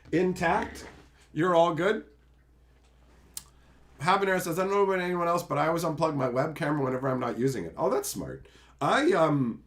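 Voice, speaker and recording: This Canadian streamer's voice sits on the high side as he reads out chat messages and talks casually. Animated and joking, he keeps breaking into mocking impressions.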